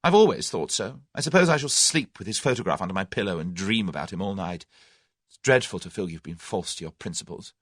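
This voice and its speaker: Man doing a young woman, proud and quick-tempered, sharp retorts, raised pitch, lively swings. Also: no room sound, clean studio sound. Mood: self-reproaching.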